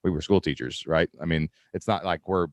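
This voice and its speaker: A man from Kentucky hosting a podcast, chatty and quick to laugh, full of "like" and "right?". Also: low voice, no room sound, clean studio sound. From Kentucky, USA. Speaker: podcast host. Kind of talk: podcast interview.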